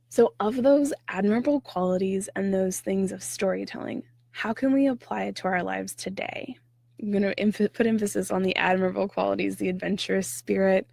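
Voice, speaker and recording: A woman hosts her storytelling vlog in a lively, expressive way, now and then slipping into a hushed whisper to stress a point. Her voice has a gravelly, creaky edge. The sound is close and dry, with almost no room around it. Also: medium pitch, no echo. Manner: animated, slipping into whispers for emphasis. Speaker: host.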